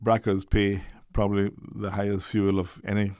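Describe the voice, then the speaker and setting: A man's voice: fairly low pitch, monotone, moderate pace, mellow, smooth, no room sound. A Caymanian man, a member of parliament, chatting as a studio guest in an easygoing, hesitant way with frequent ums. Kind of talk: casual radio talk. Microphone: studio microphone.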